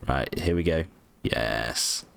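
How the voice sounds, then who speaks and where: Deep-voiced man chatting over gameplay. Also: big pitch swings, normal speed, slight background noise. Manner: rambling, lots of ums, casual swearing, self-mocking. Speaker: gaming channel host. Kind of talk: casual let's-play commentary.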